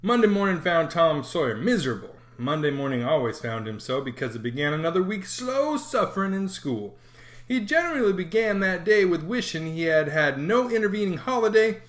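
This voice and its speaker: Animated audiobook narrator for a classic children's tale. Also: mid-range voice, fairly quick. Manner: expressive storytelling, lively inflection. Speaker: audiobook reader. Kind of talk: scripted narration of a classic novel.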